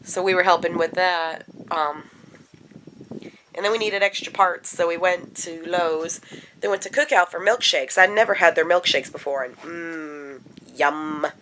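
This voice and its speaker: Stuffy raspy woman rambling thru a home vlog, kinda low voice, lots of ums. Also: unhurried, a bit bright, slight background noise. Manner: rambling chatty with many fillers. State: congested, stuffy nose. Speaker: vlogger. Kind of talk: casual daily vlog.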